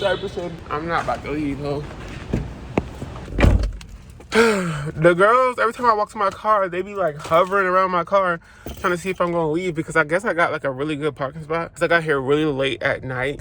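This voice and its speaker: A man's voice: fairly high pitch, fast, sharp tone, a little hiss or hum. A young man vlogging casually, chatty and playful, often laughing through his asides while he walks around and eats. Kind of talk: casual vlog chat. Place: outdoors in a city park and in a car.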